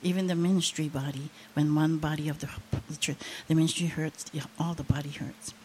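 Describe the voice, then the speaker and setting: A woman's voice: sits low, steady tone, brisk, warm tone. Older woman preacher, impassioned testimony, rising emphasis, faint noise behind. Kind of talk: sermon.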